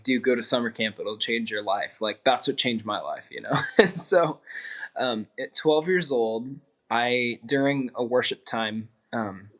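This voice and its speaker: A man's voice: mid-range voice, a bit bright. A man talking in an earnest, reflective way as an interview guest, with the odd filler "um". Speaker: interview guest, clothing designer. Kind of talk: casual interview chat.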